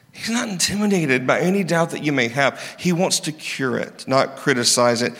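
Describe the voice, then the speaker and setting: A male pastor preaching a conversational, animated sermon and acting out the people in the story. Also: medium pitch. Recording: long reverb of a large hall.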